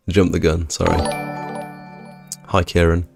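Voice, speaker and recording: Deep gravelly laid-back guy. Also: flat delivery, extremely slow, over music. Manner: laid-back, low-energy, laughs at own story. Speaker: livestream host reading chat. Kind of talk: casual live chat.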